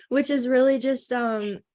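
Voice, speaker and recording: A woman's voice: high voice, a little mellow. A young woman, a student, presenting her project in class in a casual way, full of fillers.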